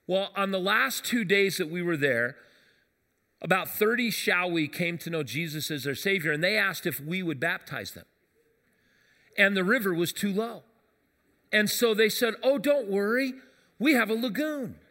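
A man preaching a sermon as pastor, telling a lively story and acting out the voices of the people in it. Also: high-pitched, moderate pace. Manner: animated storyteller acting out quotes. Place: church sanctuary. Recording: long hall reverb.

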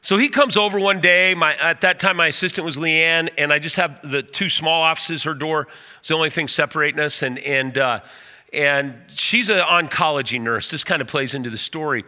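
A middle-aged man preaching a sermon, telling a personal story with animated energy. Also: a little high, moderate pace, long reverb tail. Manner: animated storyteller, rises to near shouting at the story's climax.

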